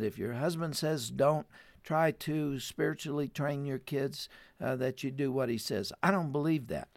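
A man telling a family story in an earnest way, who then turns to warm, urgent encouragement. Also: mid-range voice, moderate pace, gravelly, dry recording. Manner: heartfelt, rises to urgent appeals. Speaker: radio program guest.

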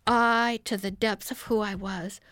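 A woman's voice: medium pitch, fairly even intonation, a little slow, a bit bright, no room sound. A woman guest on an interview, telling her life story in an earnest, emotional way. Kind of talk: personal testimony in an interview.

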